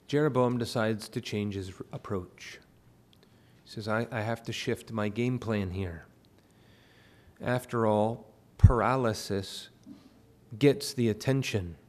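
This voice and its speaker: A male pastor preaching a sermon in a church. He works verse by verse through a Bible passage and rises to impassioned pleading. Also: fairly low pitch. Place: church sanctuary.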